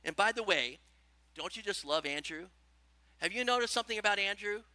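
A man's voice: high-pitched, fairly quick, no echo. A man preaching a sermon and asking his listeners questions as he teaches. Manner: animated preaching, asks the congregation questions. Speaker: pastor.

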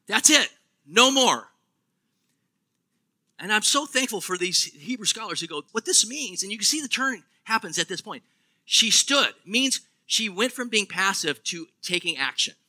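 A man preaching a sermon, animated and asking the congregation questions. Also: high voice. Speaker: pastor.

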